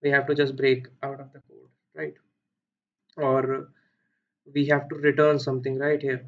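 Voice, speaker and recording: A man's voice: fairly high pitch, muffled recording. A man with an Indian accent walking through a coding problem step by step, thinking aloud with many fillers and self-corrections. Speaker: coding tutor. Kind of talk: screen-recorded coding walkthrough.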